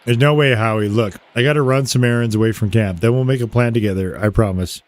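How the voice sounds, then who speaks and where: A man voicing a steady, caring male friend as he reads game dialogue aloud in a plain, calm voice. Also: mid-range voice, fast, lightly acted. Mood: practical.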